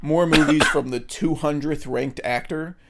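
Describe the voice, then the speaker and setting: A man's voice: on the high side, steady tone, measured pace, creaky, heavy background noise. A young man co-hosting a podcast, trading movie trivia with a friend, joking, laughing often and muttering asides. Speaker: podcast co-host. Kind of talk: casual banter, movie trivia game.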